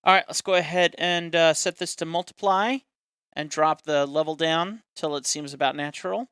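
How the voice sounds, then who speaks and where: A man's voice: fairly high pitch, steady tone, moderate pace, fairly bright tone, clear, resonant tone, no echo, clean studio sound. A man casually chatting on a live stream while demonstrating a caricature drawing step by step, self-deprecating and talkative.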